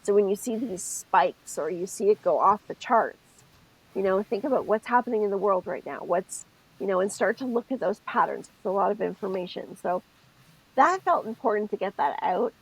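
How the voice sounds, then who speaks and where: Woman co-host with a gravelly rasp, expressive, thinks aloud in casual spiritual chat. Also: mid-range voice, normal speed, rough recording. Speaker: podcast co-host.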